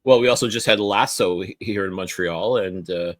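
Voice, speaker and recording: A man co-hosting a casual sports podcast, with wry, deadpan asides. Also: low-pitched, moderate pace, no room sound, studio quality. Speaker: podcast co-host.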